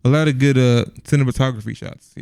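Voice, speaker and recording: A man's voice: mid-range voice, steady tone, quick pace, darkish tone, smooth, no echo, clean studio sound. A man co-hosting a casual movie review podcast, rambling with lots of restarts and laughs. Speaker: podcast co-host.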